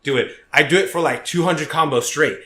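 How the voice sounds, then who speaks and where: A young man co-hosting a casual podcast, telling stories in an animated, profane way with shouted outbursts. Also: fairly high pitch, a little fast, reverberant. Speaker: podcast co-host.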